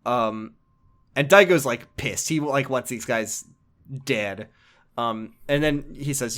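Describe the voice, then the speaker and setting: A male podcast host casually recapping a video game story at a mid-range pitch. He rambles and jumps in animation from one bit to the next, swearing freely and laughing mid-sentence. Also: slow, a bit bright.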